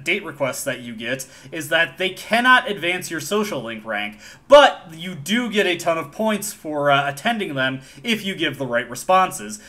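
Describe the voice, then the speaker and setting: A man's voice: a little high, sharp tone. An American man hosting a let's play, casually explaining game mechanics with wry asides. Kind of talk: video game commentary.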